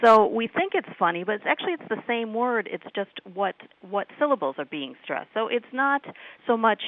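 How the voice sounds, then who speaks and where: A woman, a guest expert in a radio interview, explaining accents in a measured way with fillers. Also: mid-range voice, expressive. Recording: tinny phone line.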